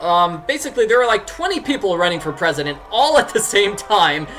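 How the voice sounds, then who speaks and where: A man's voice: high-pitched, fairly bright tone, rough recording. A man giving casual, rambling let's-play commentary as a streamer and game writer. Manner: rambling, many fillers and restarts.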